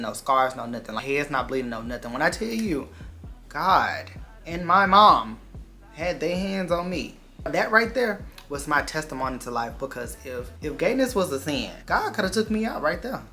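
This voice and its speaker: A man vlogger telling a dramatic personal story in an animated, profane, emphatic way. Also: mid-range voice, brisk, few pauses, soft background music. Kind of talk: storytime vlog.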